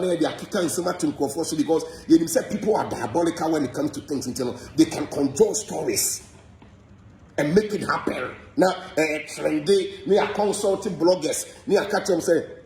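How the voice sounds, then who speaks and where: A man's voice: a little high, moderate pace, vocal fry, echoey room, soft background music. A Ghanaian man delivering a heated, repetitive gossip monologue, speaking straight to a rival. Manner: animated, repetitive, code-switching rant.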